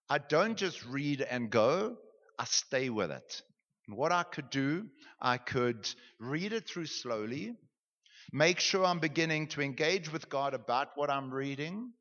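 A young man leads a class through a meditation lesson, joking and chatty as he goes. His voice rings out in a large hall with a long echo, and the recording sounds dull and muffled. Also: fairly high pitch. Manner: animated, joking, conversational. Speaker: pastor teaching a class.

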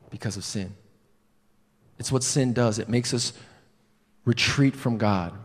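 Man preaching a sermon in a reverberant hall. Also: mid-range voice. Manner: conversational storytelling with rhetorical questions.

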